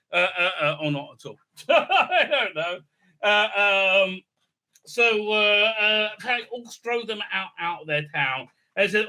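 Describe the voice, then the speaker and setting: A man's voice: high voice, animated, unhurried, bright, forceful tone. A man ranting sarcastically through a show recap, profane and rambling, with lots of fillers. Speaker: online video reviewer. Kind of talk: casual recap and review rant.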